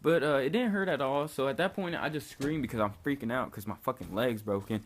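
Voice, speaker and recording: A man's voice: medium pitch, brisk. A young man casually telling a story on his vlog, laid-back, peppering his talk with "like" and swearing freely. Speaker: vlogger. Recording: faint background noise.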